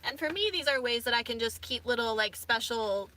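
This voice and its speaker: A woman's voice: fairly high pitch, lively intonation, fairly quick, noisy background. A woman in her thirties, rambling casually with many fillers as a vlogger from inside her camper van. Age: 30s. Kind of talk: casual chat.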